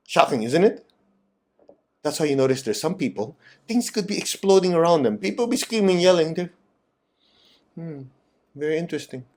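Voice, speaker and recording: Animated man teaching meditation. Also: fairly high pitch. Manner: animated, acts out quoted voices; direct, teasing questions to listeners. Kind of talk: spiritual talk and guided meditation.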